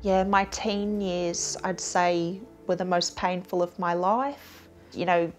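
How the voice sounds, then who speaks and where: A woman's voice: fairly low pitch, steady tone, takes it slowly, soft background music. A young Australian woman in a casual interview, recalling dates in a precise, matter-of-fact way.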